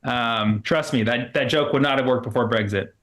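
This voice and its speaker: Male stand-up comic, mid-pitched, rambling delivery, many restarts, plays both sides of the dialogue. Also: normal speed, a bit bright. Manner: acts out both sides of conversations in quoted dialogue. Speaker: stand-up comedian. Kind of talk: stand-up set on a livestream.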